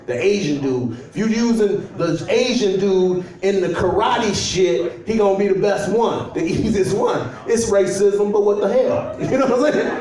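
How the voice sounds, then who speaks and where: A high-voiced, slightly mellow male stand-up comedian from Chicago performs a set on a comedy club stage at a holiday party. He's loose, telling stories, trash-talking, and laughing at his own jokes. The echoey club audio is captured from far off, with audience laughter.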